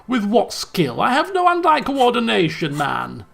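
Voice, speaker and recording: A man's voice: high voice, measured pace, creaky. A man commentating and joking while playing a story game. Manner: jokey, animated, exasperated. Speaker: let's player.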